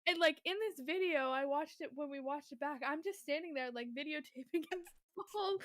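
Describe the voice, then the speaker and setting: A woman retelling a story in a casual podcast chat, rambling and animated, full of "like". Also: high-pitched, moderate pace, no echo.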